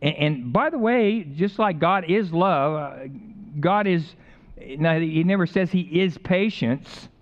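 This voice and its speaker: A man's voice: fairly high pitch, slow pace, highs cut off. A man preaching a sermon in a conversational way, with jokes and repeated phrases. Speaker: pastor.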